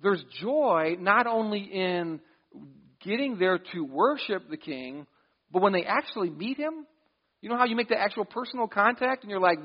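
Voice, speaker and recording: A man with a notably high voice preaches a sermon as pastor. He talks conversationally, restarting phrases and slipping into quoted asides. The sound is dull and lo-fi. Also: expressive, moderate pace.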